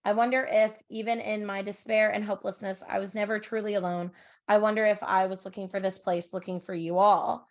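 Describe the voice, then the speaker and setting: A woman's voice: medium pitch, a little fast. A woman co-hosting a casual book podcast, reading passages aloud and eagerly acting out the characters' lines. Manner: animated, acts out characters' lines. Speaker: podcast co-host.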